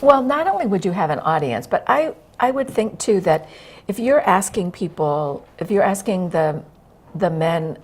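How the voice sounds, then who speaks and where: Lady host asking questions, lowish husky voice, piles up question after question. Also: lively intonation, normal speed. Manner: curious, asks long stacked questions. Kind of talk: interview conversation.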